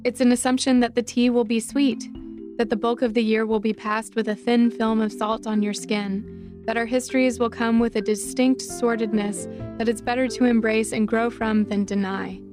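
Woman reading her essay, higher voice. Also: fairly even intonation, moderate pace, over music. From North Carolina.

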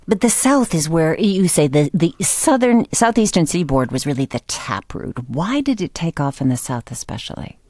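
A very deep-voiced woman hosts a radio interview, her pitch swinging widely as she poses her questions. The recording is dry and close-miked. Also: very animated, normal speed, hardly any pauses, darkish tone, dry recording. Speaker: radio host.

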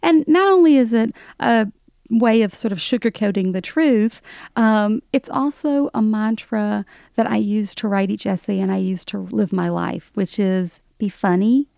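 A woman's voice: mid-range voice, measured pace, gravelly, mellow, no echo, clean studio sound. A woman from the American South, an author guest on a radio interview, telling stories in a playful way with frequent laughter. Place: radio studio. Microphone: studio mic.

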